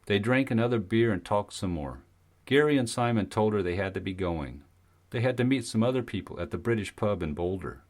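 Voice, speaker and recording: A man narrating an audiobook in a steady, even storytelling manner. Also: fairly low pitch, brisk. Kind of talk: scripted narration.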